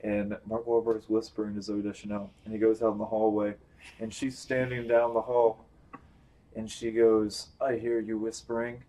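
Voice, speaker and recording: A young man chatting casually on a movie review podcast, animated, acting out lines he quotes. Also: fairly low pitch, moderate pace, slight background noise, poor audio. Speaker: podcast host.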